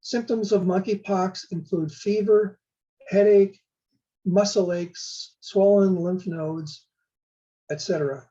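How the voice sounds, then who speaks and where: An older man, a law and public health professor, giving a measured, prepared explainer talk. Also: sits high, warm tone, muffled recording. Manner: measured, slow spelling out of terms.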